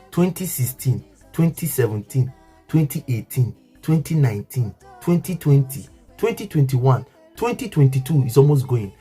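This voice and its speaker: A man's voice: medium pitch, warm tone, slightly rough. A man with a Nigerian English accent telling an emotional story to his viewers, earnest and repetitive, often asking if they understand.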